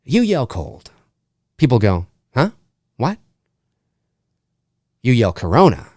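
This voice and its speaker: A man doing a quick impression of a blustering middle-aged small-town mayor from a film, copying the cadence rather than the voice. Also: mid-range voice, huge pitch swings, mellow, no echo, clean studio sound, full character voice. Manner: imitates the character's cadence, not his voice.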